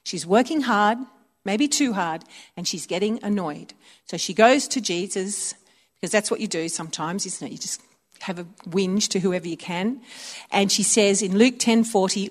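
A woman's voice: mid-range voice, moderate pace. A woman preaching a conversational sermon, telling stories and acting out little voices. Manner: chatty, storytelling, acts out voices.

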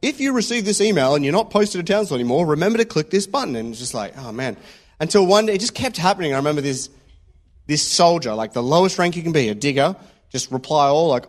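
A man with a slightly raised pitch delivers a casual sermon. He talks in a loose, anecdotal way, trailing into stories and checking in with the listeners as he goes. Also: animated, a little fast. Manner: conversational, anecdotal, checks in with "yeah?". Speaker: preacher.

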